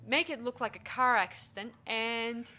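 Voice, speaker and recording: Bright-voiced woman hosting a film podcast. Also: on the high side, moderate pace. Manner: retells the plot at length with fillers and self-corrections. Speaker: podcast host. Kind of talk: casual film review chat.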